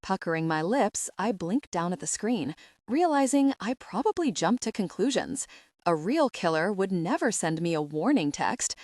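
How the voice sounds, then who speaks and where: A woman narrating a first-person romance audiobook in a wry, expressive way. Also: mid-range voice, moderate pace, dry recording, studio quality.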